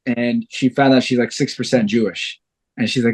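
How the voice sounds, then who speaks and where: Swearing, animated man guest on a podcast. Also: mid-range voice, brisk, breathy edge. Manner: animated storyteller, swears freely. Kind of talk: casual podcast chat.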